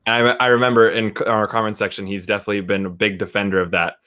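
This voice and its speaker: Low-voiced, rambling male film critic. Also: little pitch movement, racing, bright, forceful tone, slight background noise. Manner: rambling and conversational, keeps checking in with "right?". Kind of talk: casual chat.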